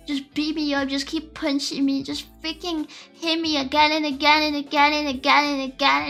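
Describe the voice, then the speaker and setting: High, bright-voiced young woman streamer. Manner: rambling, melodramatic ranting to chat. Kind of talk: casual livestream chat. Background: faint lofi music.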